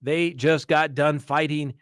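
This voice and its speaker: A man's voice: on the high side, steady tone, unhurried, fairly bright tone, no echo, clean studio sound. A man hosting a live crime-talk stream, speaking like a defense attorney, with emphatic, ranting delivery and mocking quoted voices. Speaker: host. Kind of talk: live true-crime commentary.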